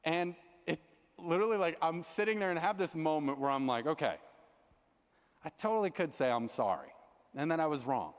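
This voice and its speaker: A young man giving a youth sermon as a story, animated and self-mocking as he acts out his own lines. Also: a little high, a little fast. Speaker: youth pastor. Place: large church youth hall. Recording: long reverb of a large hall.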